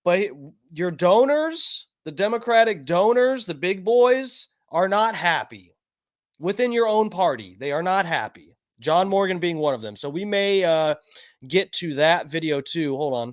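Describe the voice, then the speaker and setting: Man, streamer host, casual livestream chat, loose and profane, self-mocking, occasional coughing, slightly higher voice. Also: expressive, unhurried. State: coughing from smoking. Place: home studio.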